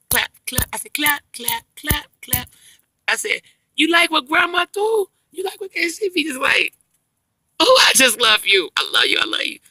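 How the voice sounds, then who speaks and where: A woman's voice: lowish voice, vocal fry, slightly rough, no room sound. A middle-aged woman, a grandmother, chatting casually in a vlog and telling long, rambling stories full of slang. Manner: rambling, animated storytelling with slang. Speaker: vlogger. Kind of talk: casual chat.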